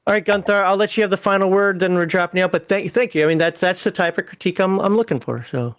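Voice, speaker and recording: A man with a Minnesotan accent hosts a casual call-in show, his voice sitting a little high. He rambles, restarts and corrects himself mid-thought, and the sound is dry and close to the mic. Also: fairly bright tone, smooth, no room sound. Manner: rambling, self-correcting, quick to laugh. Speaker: livestream host.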